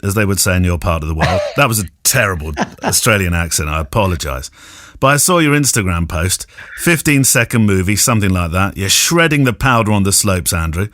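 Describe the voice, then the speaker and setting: A man's voice: low voice, animated, brisk, a bit bright, no room sound, clean studio sound. A man hosting a podcast, chatty and joking, laughing often with his guests. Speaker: podcast host. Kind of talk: casual podcast chat.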